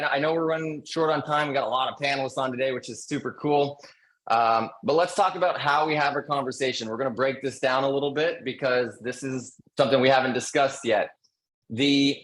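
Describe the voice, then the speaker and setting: A real estate agent on a panel webinar presents call scripts with energetic coaching flair, repeating his key points. His voice is medium-pitched, and the audio quality is poor.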